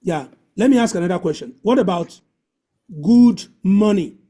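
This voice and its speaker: A man's voice: high voice, expressive, fast talker, warm tone. Man hosting an online language class. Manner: repetitive, coaching, drills pronunciation. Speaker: webinar host. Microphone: video call.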